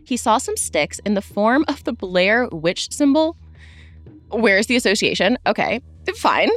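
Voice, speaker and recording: Young woman, podcast co-host, casual chat, skeptical, laughing, animated pitch, dry close sound. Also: a little slow, no room sound, faint music behind.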